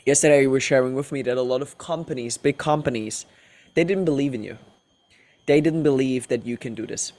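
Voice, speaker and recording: A man's voice: medium pitch, brisk, darkish tone. A man whose first language is German, hosting a podcast, who rambles and leans on filler words. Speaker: podcast host. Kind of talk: casual interview chat.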